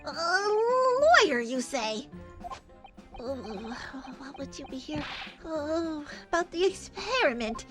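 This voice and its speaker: Woman doing a nerdy male professor, game dialogue, stammering, fussy, high voice, faint music behind. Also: sing-song, slow pace, heavily acted. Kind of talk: voicing a video game aloud on stream.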